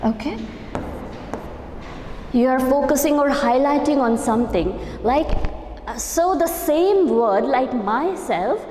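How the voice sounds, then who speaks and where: A woman's voice: sits high, darkish tone, slight background noise. A woman with an Indian English accent teaching English grammar as a lecturer, explaining step by step, repeating key terms and checking in with "okay?". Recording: echoey hall reverb.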